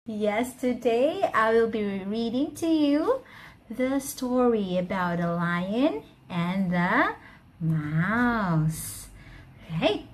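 Slow, animated woman reading to children. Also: on the high side. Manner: animated, coaxing questions to young listeners. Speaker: teacher and storyteller.

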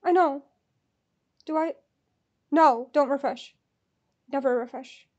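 A nervous woman narrating her own wait for an online ticket sale. Her voice sits high and bright in pitch, and she talks slowly, stretching out her words. She repeats herself, mutters, and slips into whispers as the tension builds. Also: highs cut off. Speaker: vlogger buying concert tickets online. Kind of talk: nervous live commentary.

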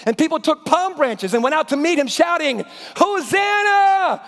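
A male pastor preaching a sermon in a church, telling the story in an animated, dramatic way. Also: very high voice, a little fast. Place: church sanctuary. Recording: reverberant church hall.

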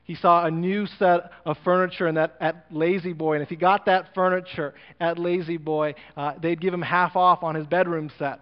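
A man's voice: on the high side, flat delivery, moderate pace, hardly any pauses, clear, resonant tone. A male pastor telling a sermon story in a church, acting out the dialogue and building to an earnest appeal. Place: church sanctuary. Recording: muffled church recording with long reverb.

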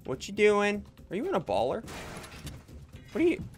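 A young man giving jokey, excitable commentary while playing a video game. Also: sits high, normal speed, soft background music. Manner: excitable, jokey, yelps and laughs mid-play. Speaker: gaming channel host. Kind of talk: live gameplay commentary.

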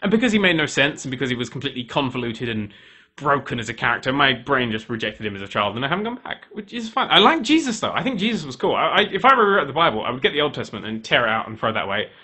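A man ranting his opinions to camera in a heated, animated way. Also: mid-range voice, very fast, breathy edge. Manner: animated, heated, switching into voices for quoted people. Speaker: video maker.

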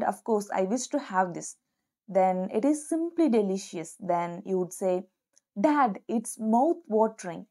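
A woman teaching an online lesson, upbeat, slowing down to model example phrases for learners to repeat. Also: medium pitch, mellow. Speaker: English teacher.

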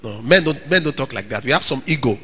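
A man's voice: mid-range voice, expressive, fast talker, pushed and bright, breathy edge. A middle-aged male pastor preaching in a church hall, answering questions from the congregation and acting out quoted dialogue with emphasis. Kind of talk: sermon with audience Q&A.

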